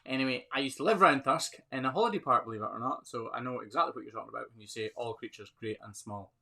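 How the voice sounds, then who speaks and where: Scottish man, chatty live stream host, bright forceful voice, phone mic. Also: mid-range voice, rapid-fire, creaky. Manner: chatty, upbeat, laughs often. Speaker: livestream host, hoof trimmer. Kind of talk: live Q&A chat reading viewer comments.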